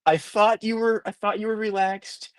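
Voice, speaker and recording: A man's voice: high voice, flat delivery, moderate pace, clear, resonant tone, voice pushed up, natural voice. A man doing a laid-back racing buddy. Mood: calming. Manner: soothing, easygoing. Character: laid-back male racing friend giving calm advice.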